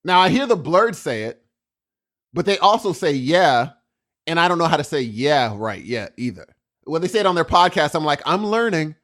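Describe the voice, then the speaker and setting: A middle-aged man co-hosts a casual podcast. His voice sits a little high and swings widely in pitch. He tells stories in quick, animated bursts. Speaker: podcast co-host. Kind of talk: casual chat.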